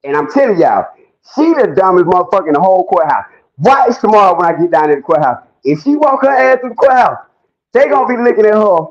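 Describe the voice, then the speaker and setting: A man, giving animated ranting commentary, loud and mocking, swearing often and laughing as he talks. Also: high voice, quick pace. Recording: dull lo-fi sound.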